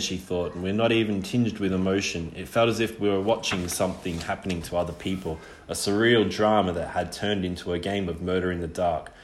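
A man narrating an audiobook in a measured, dramatic way. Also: deep voice. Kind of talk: audiobook reading. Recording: roomy echo.

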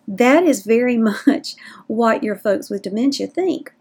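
A woman's voice: a little high, slow, darkish tone, slightly rough. A middle-aged woman with a Southern American accent, hosting a podcast in a folksy, chatty way. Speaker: podcast host. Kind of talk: casual podcast talk.

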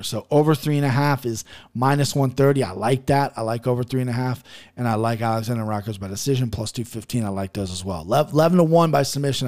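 A man hosting his own podcast, talking through his betting picks in a brash, profane, hyped-up way. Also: medium pitch. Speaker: podcast host giving fight betting picks. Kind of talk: casual solo podcast talk.

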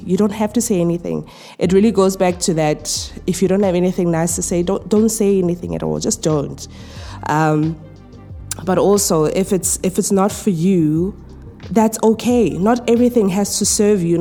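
A woman hosting a casual solo podcast from home, talking in a relaxed, chatty way with many fillers and restarts, her voice tired. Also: on the low side. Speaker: podcast host. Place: home, in pajamas.

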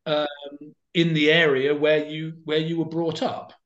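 A man's voice: fairly high pitch, flat delivery, measured pace, fairly bright tone, dull audio. A man chatting casually as an interview guest, talking in loose, rambling sentences full of fillers and restarts.

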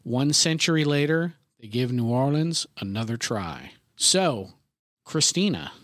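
A woman's voice: very deep voice, very animated, unhurried, no echo, clean studio sound. A woman co-hosting a podcast, introducing segments and teasing her co-hosts in casual chat. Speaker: podcast co-host.

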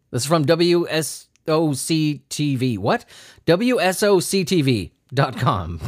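Animated, sarcastic male podcast host. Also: a little high, dry recording, studio quality. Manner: sarcastic, profane, riffing. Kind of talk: comedic news commentary.

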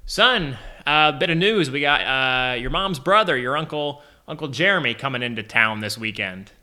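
A man's voice: mid-range voice, expressive, moderate pace, bright, forceful tone. A man voicing a stern middle-aged father who gives bad news bluntly. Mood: grave.

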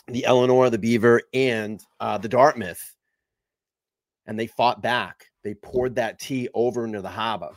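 A man's voice: fairly low pitch, no room sound, studio quality. A man hosting a live stream, chatting casually and thanking viewers. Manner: laughing hard, retelling clips.

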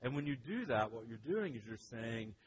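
A man preaching a sermon as pastor, earnest and conversational, slowing down for emphasis. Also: medium pitch, very animated, slight background noise, poor audio.

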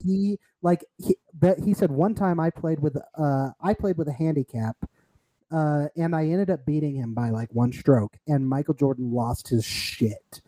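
A man's voice: on the high side, unhurried, mellow, dry recording, poor audio. A young man co-hosting a casual comedy podcast, teasing his partner, telling stories and laughing often. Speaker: podcast co-host.

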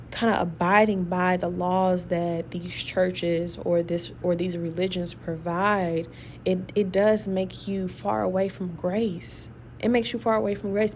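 A woman's voice: medium pitch, slight background noise. Emphatic woman teaching from the Bible. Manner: emphatic, with repeated rhetorical questions; excitable and conversational. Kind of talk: casual Bible study talk.

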